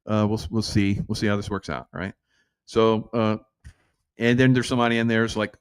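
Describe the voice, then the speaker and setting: A brash middle-aged man talks through casual political commentary in a low voice. He laughs often and mimics his critics with quick put-on voices. The recording is dry and close. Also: flat delivery, clear, resonant tone, dry recording. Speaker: show host.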